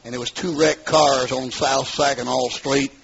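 A middle-aged man telling his testimony as a sermon, in an emphatic storytelling style that rises into shouts, on a dull lo-fi recording. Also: medium pitch, steady tone, normal speed, creaky, husky. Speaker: preacher giving testimony.

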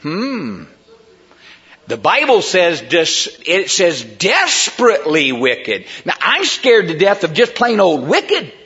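A man preaching a sermon in a church, emphatic and rising to near shouts on key words. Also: high voice, huge pitch swings, slow, breathy edge. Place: church sanctuary. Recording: dull sound with long hall reverb.

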